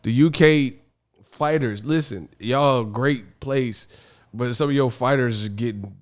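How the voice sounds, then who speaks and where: This boxing stream host speaks at medium pitch and a little slowly. His casual rant is exasperated and full of slang, broken up by frequent laughter.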